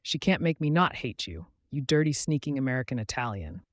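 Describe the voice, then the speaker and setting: A woman's voice: very deep voice, big pitch swings, a little fast, no room sound, studio quality. A man voicing a reproachful, sobbing Scottish woman friend in an audiobook.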